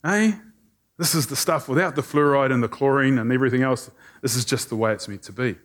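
A male preacher giving a conversational sermon, animated and joking with the congregation. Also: mid-range voice, a little fast.

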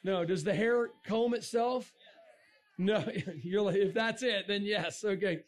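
A man giving a jokey, animated talk to an audience, breaking into sudden shouts. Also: high-pitched, measured pace. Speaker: speaker. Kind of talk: comic science-and-faith talk to a crowd.

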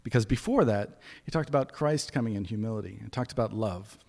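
A man's voice: on the low side, a little fast, creaky, darkish tone, long reverb tail. A man giving a conversational sermon with folksy asides as preacher.

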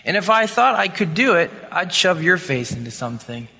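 A man's voice: sits high, sing-song, fairly quick, gravelly, sharp tone, faint music behind, exaggerated voice. A man voicing a defiant young schoolboy who sneers at first and later begs, in a spoken sermon story. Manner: sneering and brash, later pleading. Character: defiant young schoolboy, cocky then tearful. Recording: long hall reverb.

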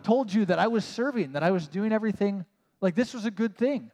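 A man's voice: sits high, expressive, brisk, darkish tone. A man preaching a conversational sermon as a pastor, casual and self-mocking, with many "like" asides. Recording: long reverb of a large hall.

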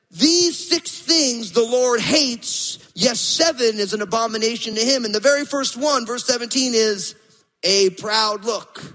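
A man in his thirties preaching a sermon as pastor, animated, acting out quotes and stories. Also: very high voice, big-room sound, rough recording. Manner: animated storytelling, acts out quotes.

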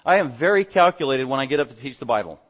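A man preaching an expository sermon, animated and fast-talking, swinging between loud emphasis and quiet asides. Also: medium pitch. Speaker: pastor. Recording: dull lo-fi sound.

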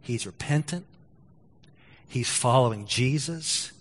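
A man preaching as a pastor, with a voice of middle pitch. He tells his story with stumbling restarts and puts on lively voices for the people he quotes. The sound rings with the long reverb of a church hall. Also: slow pace. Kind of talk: sermon with story and prayer. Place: church sanctuary.

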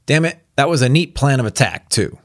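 A man's voice: mid-range voice, lively intonation, a little fast, dry recording, clean studio sound, pitched above the performer's own voice, lightly acted. A man voicing an impatient army general who barks abrupt orders. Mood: barking.

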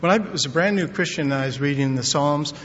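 Older pastor preaching in a reverberant hall. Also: male voice, a little fast, fairly bright tone. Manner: folksy, tells corny jokes, emphatic. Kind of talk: sermon. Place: church sanctuary. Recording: dull long-reverb hall with faint rumble.

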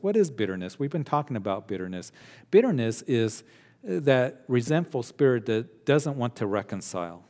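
A man preaching a sermon with an animated, emphatic conversational manner. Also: mid-range voice, normal speed. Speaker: pastor. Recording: long hall reverb.

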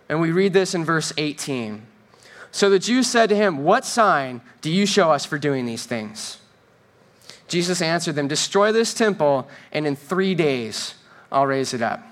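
A man's voice: high voice, a bit bright. Joking, conversational man preaching. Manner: conversational, joking asides, acts out quoted voices. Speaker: pastor. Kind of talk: sermon. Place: church stage.

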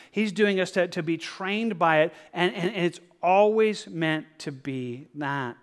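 A man preaching a sermon as pastor, earnest and repetitive, often dropping to a soft, gentle tone. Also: fairly high pitch. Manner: earnest, repetitive, drops to soft tones for quoted prayer.

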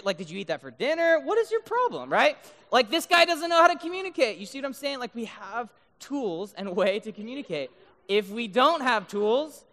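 A man giving a lively sermon to a live crowd, joking and keeps checking in with the crowd by asking "right?". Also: high-pitched. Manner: mock-incredulous joking. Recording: long reverb of a big hall.

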